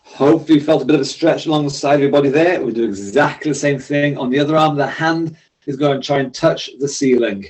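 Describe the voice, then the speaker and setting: A man's voice: medium pitch, quick pace, darkish tone, poor audio. A man instructing a seated exercise class, giving friendly, encouraging, step-by-step cues. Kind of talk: leading a seated workout class.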